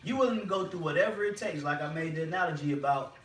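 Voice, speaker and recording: A man's voice: on the high side, fast talker, fairly bright tone. A man leading a faith discussion in an emphatic, repetitive, slangy preaching manner. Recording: roomy and distant with faint noise.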